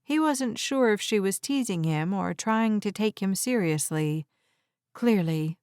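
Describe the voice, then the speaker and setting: A woman narrating an audiobook in a measured, even storytelling voice on a close mic. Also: medium pitch, clear, resonant tone, no room sound.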